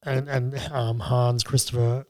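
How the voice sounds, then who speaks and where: A man co-hosting a casual film chat, relaxed and bantering. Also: medium pitch, unhurried. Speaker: podcast co-host.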